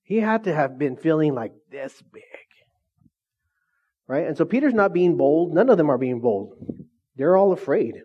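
A man's voice: on the high side, lively intonation, moderate pace, pauses often, dull audio. A male pastor preaching a sermon, repeatedly asking the congregation questions and prompting their replies. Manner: call-and-response questions to the congregation.

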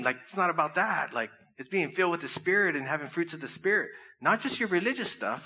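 Bright-voiced man preaching casually. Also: fairly high pitch, lively intonation, brisk, husky. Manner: conversational, jokey, asks the crowd questions. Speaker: pastor. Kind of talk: casual sermon.

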